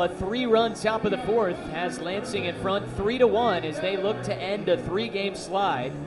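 High-voiced baseball play-by-play man. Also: far from the mic. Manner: excitable on big plays, jokey banter. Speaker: play-by-play announcer. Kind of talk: baseball radio commentary.

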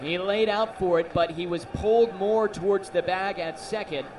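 A man calling minor league baseball play-by-play on radio, excitable on big plays and joking with his partner. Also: high voice, moderate pace, recorded from a distance, crowd noise, noisy background. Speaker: play-by-play announcer.

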